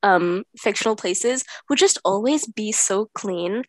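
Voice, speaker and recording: A young adult woman co-hosting a podcast, chatting in a relaxed, slangy way with lots of fillers. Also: mid-range voice, unhurried, dry recording. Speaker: podcast co-host. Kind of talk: casual chat.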